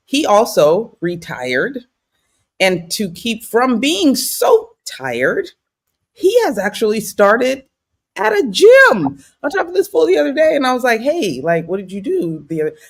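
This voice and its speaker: A woman hosting a casual podcast, her pitch swinging widely as she tells playful, lively stories. She jokes and teases easily. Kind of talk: casual chat.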